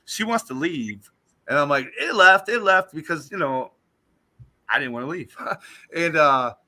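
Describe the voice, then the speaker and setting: Guy with a super bright voice, animated storyteller, kinda emphatic, guest on a talk show. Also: fairly high pitch, measured pace. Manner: animated, emphatic retelling that acts out what he said.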